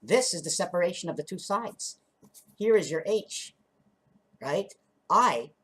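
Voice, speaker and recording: Husky low-voiced woman rambling about codes. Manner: free-associating, laughs often, counts out numbers. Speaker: vlogger. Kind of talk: rambling monologue with drawings.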